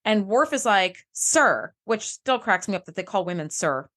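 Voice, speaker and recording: With a mid-range, fairly bright, sing-song voice at a moderate pace, this podcast co-host chats casually through a recap. She brings the characters' lines to life with animated impressions.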